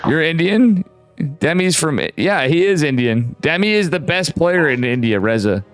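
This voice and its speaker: A tipsy man casting a game on his stream, rambling loosely and swearing freely. His voice is fairly high for a man, with soft music playing faintly underneath. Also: expressive, normal speed, clear, resonant tone. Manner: rambling, swearing, laughing often. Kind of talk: casual drunken stream banter.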